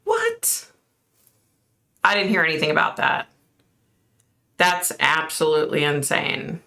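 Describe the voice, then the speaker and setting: Woman, livestream host, low gravelly voice, unhurried casual chat reacting to comments. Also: bright, forceful tone. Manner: chatty, reacts aloud to viewer comments.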